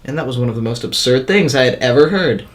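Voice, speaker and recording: A man's voice: medium pitch, animated, fast. Laid-back male podcast host. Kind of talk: casual chat.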